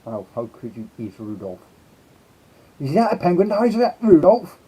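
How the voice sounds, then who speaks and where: A man's voice: a little high, very animated, moderate pace, mellow, slightly rough. A man hosting a casual live stream, chatting and greeting his viewers one by one. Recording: slightly dull lo-fi sound.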